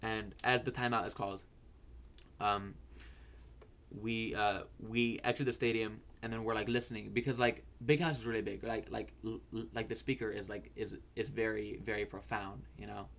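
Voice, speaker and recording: A man's voice: fairly low pitch, fairly even intonation, normal speed, creaky, fairly bright tone. Young man, casual storyteller, stammering, repeats words, casual swearing, rambling. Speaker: fantasy football video host.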